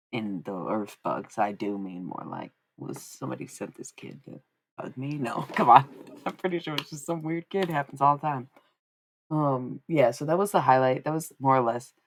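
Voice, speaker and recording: A woman streamer chatting casually at home, telling a funny story with laughs, swearing, and quoted lines in put-on high voices. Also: animated, moderate pace.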